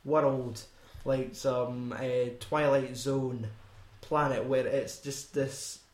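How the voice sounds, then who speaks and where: A man's voice: medium pitch, steady tone, extremely slow, darkish tone. Scottish guy rambling about a movie, swears a lot, kinda echoey room. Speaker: podcast co-host. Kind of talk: casual film chat.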